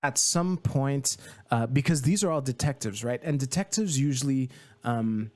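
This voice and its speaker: Young man riffing on a TV show, rambling commentary, average pitch, loose delivery with fillers and casual swearing. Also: lively intonation, normal speed, darkish tone. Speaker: video creator.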